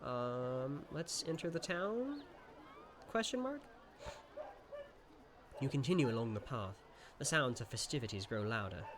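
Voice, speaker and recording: A man streaming a gamebook playthrough, reading the passages aloud and musing between them in an animated way. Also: medium pitch, normal speed, hardly any pauses, noisy background.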